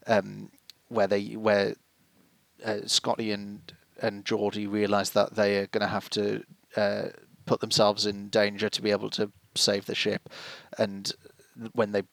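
A man's voice: fairly low pitch, completely flat delivery, a little slow, vocal fry, no echo. A man co-hosting a casual podcast, talking in a rambling, hesitant way with frequent restarts. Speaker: podcast co-host. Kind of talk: casual chat about a TV episode.

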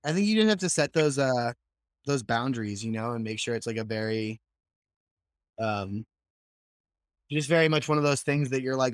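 A man co-hosting a podcast, chatting in a relaxed way, laughing often and swearing. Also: mid-range voice, normal speed, pauses often, clear, resonant tone, no room sound. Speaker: podcast co-host. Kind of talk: casual chat.

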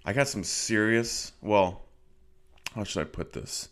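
Deep-voiced man with wry asides. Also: measured pace. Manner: wry, sarcastic asides, trails off quietly. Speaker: podcast co-host. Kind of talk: casual chat.

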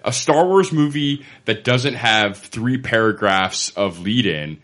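Man, low voice, lively pitch, opinionated, podcast chat. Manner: opinionated, quick, profane.

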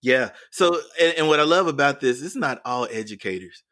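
A man's voice: mid-range voice, animated, moderate pace, sharp tone. A man, an educator and interview guest, telling a story in a podcast interview with earnest, repeated phrasing. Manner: earnest, repeats words while building a story.

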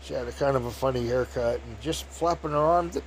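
A man's voice: medium pitch, a little fast, a little hiss or hum. A middle-aged man telling a rambling, folksy story in a casual way.

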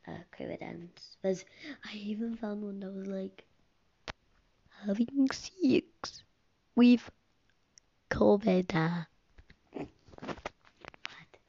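Rambling whispery girl with gravelly fry. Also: on the low side, mellow. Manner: rambling, often drops to a whisper. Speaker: podcast host. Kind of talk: casual solo podcast. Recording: dull lo-fi recording with faint hiss.

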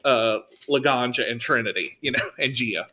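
Animated, laughing man hosting chat. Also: mid-range voice, moderate pace. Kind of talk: casual chat.

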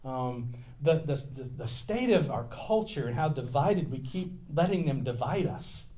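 A man's voice: on the high side, animated, a little slow, mellow. A middle-aged male pastor preaching a sermon in a casual, storytelling way, with self-deprecating humor and big swings in volume.

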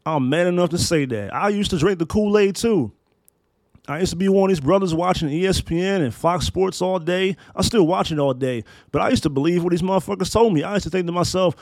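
A man's voice: high voice, fairly quick, darkish tone, no echo. A man in his thirties hosting a solo podcast, talking in emphatic, profane, preacher-like build-ups. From Maryland, US. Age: 30s. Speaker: podcast host.

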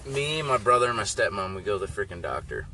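A young man with a bright, forward voice rambles through stories, cursing freely and stacking up "like" in a loose chat. Faint background noise sits under the recording. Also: fairly low pitch, lively intonation, quick pace. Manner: profane, rambling, lots of "like". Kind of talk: casual storytelling chat.

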